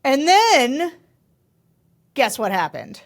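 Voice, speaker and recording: A woman co-hosting a podcast, telling stories in a chatty, animated way and laughing often. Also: high voice, very slow. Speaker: podcast co-host. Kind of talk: casual political chat.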